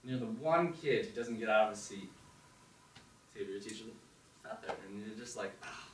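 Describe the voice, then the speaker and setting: A young man telling an animated second-person story at an open mic, acting out the thoughts he quotes. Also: fairly low pitch, fairly quick. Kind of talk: storytelling monologue. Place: performance hall. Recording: echoey hall, distant mic, faint noise.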